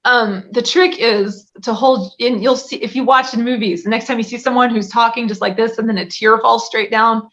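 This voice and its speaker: A woman's voice: fairly high pitch, fairly even intonation, normal speed, hardly any pauses, a bit bright. A woman guest in a casual interview, talking chattily and laughing often. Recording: dull lo-fi audio.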